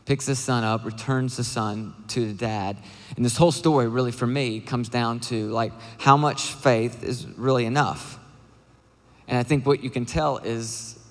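A man preaching a sermon as a pastor, talking in an earnest, conversational way with quick asides and fillers. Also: mid-range voice. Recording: long hall reverb.

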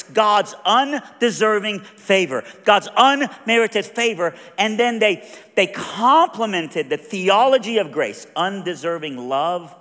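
A man with a high voice tells a story from the pulpit, acting out each character as he goes. He drops to a hush and then builds to loud bursts. His voice rings through a large hall with a long reverb. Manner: animated storyteller, acts out voices, swings from hushed to loud. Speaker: preacher. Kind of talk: storytelling sermon.

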